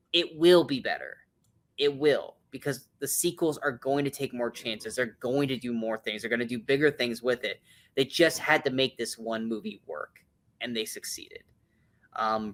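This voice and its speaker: A man's voice: medium pitch, pushed and bright. A man co-hosting a casual movie-review podcast, blunt and opinionated, swearing often and restarting his sentences as he rambles.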